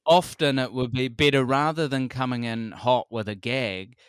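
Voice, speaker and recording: Kiwi comedian guy, 40s, smooth voice, dry close sound, animated storytelling. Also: mid-range voice, normal speed, no echo. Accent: New Zealand. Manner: animated storyteller, acts out quotes, laughs often. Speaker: comedian guest. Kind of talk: casual podcast chat.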